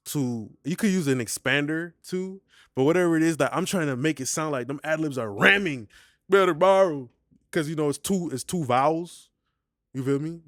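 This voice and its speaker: A man hosts a casual vocal mixing tutorial in a mid-range voice, recorded clean in a studio with no echo. He talks in a slangy, laid-back way and keeps asking "you feel me."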